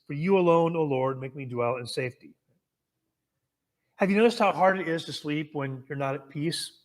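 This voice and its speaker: A man's voice: a little high, a bit bright. An American man preaching a sermon, telling a story and putting questions to the congregation, often restarting his words.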